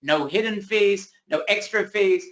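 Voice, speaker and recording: A man hosting a webinar, giving a pushy, excited sales pitch over a video call while his voice is wearing out. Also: a little slow. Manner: hyped, pushy salesman hype. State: losing his voice. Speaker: webinar host. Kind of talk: hard-sell webinar pitch.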